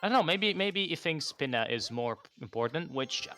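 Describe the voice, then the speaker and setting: A man's voice: on the high side, expressive, normal speed, pushed and bright, faint music behind. A man co-commentating a live esports match in a jokey way, laughing often between his remarks.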